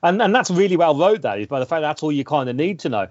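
A man's voice: fairly high pitch, very animated, fast, darkish tone, no echo. A man co-hosting a casual film discussion, rambling with many restarts and repeated words. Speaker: podcast co-host. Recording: dull lo-fi sound, dry.

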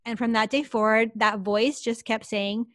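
A woman's voice: fairly high pitch, moderate pace, no echo, clean studio sound. A woman, a psychic medium, telling a personal story in a podcast interview, chatty and full of fillers. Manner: lively, chatty, many fillers like "like".

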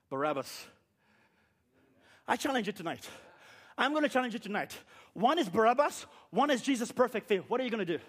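A man preaching a fiery sermon, shouting repeated rhetorical questions and dropping to quiet low passages. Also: big pitch swings, a little fast, breathy edge.

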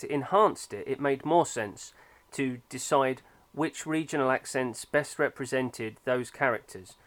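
A man's voice: mid-range voice, a bit bright. A man, chatting about films in a thoughtful, opinionated way with frequent fillers. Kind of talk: casual film discussion.

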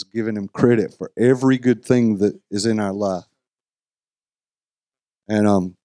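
A man teaching as a guest preacher, earnest and measured, laying out his points in slow, deliberate phrases. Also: on the low side, a little mellow. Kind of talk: sermon teaching.

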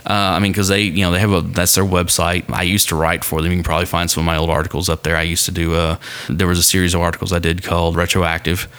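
A man's voice: low-pitched, little pitch movement, fast talker, fairly bright tone, clear, resonant tone. A man chatting casually as a podcast guest, rambling with lots of fillers and restarts.

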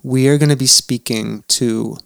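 Relaxed podcast host with a dry mic sound. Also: medium pitch, moderate pace, vocal fry, no echo. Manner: relaxed, encouraging, many ums. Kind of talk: casual podcast chat.

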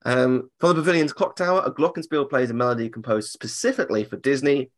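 A man's voice: mid-range voice, fast talker. A man co-hosting a theme park podcast, chatting casually and cracking jokes. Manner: jokey, puts on silly voices for laughs. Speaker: podcast co-host.

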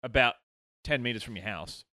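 A man's voice: medium pitch, normal speed, pushed and bright, dry recording. A man, co-hosting a gaming podcast in casual chat, rambling through a story and laughing easily. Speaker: podcast co-host. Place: studio. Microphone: podcast mic.

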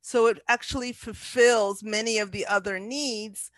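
A woman's voice: a little high, fairly even intonation, unhurried, no echo. A woman speaking earnestly and from the heart as a podcast guest, with some fillers and restarts. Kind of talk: inspirational podcast talk.

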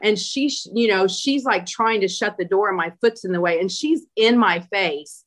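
In a conversational interview, a woman guest emphatically relates a personal experience, often using fillers. She has a mid-range, slightly bright voice and talks at normal speed.

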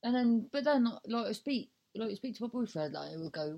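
A woman's voice: mid-range voice, lively intonation, a little fast, vocal fry, dark tone, muffled recording. A woman in her thirties hosting her own podcast, talking in a chatty, self-mocking ramble that swears, trails off and restarts. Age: 30s. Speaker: podcast host. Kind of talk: casual rambling monologue.

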